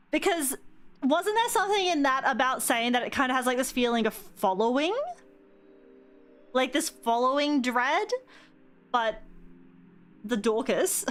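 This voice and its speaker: Young woman, game streamer, high voice, very animated pitch, thinks aloud, excitable. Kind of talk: live game stream commentary.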